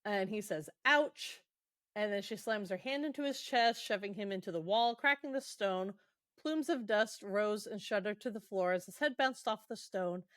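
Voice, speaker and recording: A woman's voice: medium pitch, normal speed, dry recording, studio quality. A woman hosting a podcast, casually recapping a book in a chatty, irreverent way, swearing and laughing along. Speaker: podcast host.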